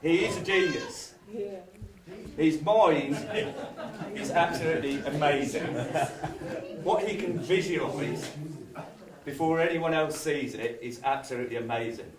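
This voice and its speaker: A man's voice: on the high side, unhurried, long pauses. A man giving a heartfelt wedding toast. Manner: heartfelt, admiring, a little emotional. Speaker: wedding guest giving a speech. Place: large hall with guests. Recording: roomy hall sound, far from the mic. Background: crowd of wedding guests.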